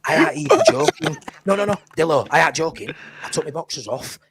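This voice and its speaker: A man's voice: fairly high pitch, lively intonation, fairly quick, heavy background noise. A man with a Yorkshire accent telling a long story in casual chat, blunt and swearing freely. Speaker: podcast co-host.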